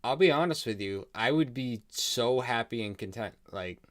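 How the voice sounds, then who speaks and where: A man's voice: medium pitch, animated, moderate pace, no room sound. A man hosting a live reaction stream, chatting candidly about the video he is watching.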